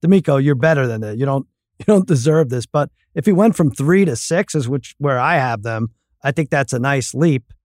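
A man's voice: mid-range voice, lively intonation, normal speed, a little mellow, no room sound, clean studio sound. A man co-hosting a podcast, giving opinionated, chatty takes on football teams. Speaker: podcast co-host. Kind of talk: casual sports betting chat.

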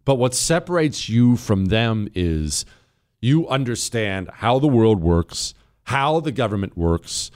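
Animated man hosting a talk show. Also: fairly low pitch, takes it slowly. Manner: animated, reads listener messages, mocking voices for quotes. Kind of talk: political talk show monologue.

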